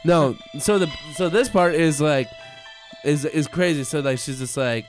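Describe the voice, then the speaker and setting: A man's voice: fairly high pitch, measured pace, faint music behind. Rambling young man telling crude stories. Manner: rambling, crude storytelling with put-on voices. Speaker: podcast co-host. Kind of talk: casual chat.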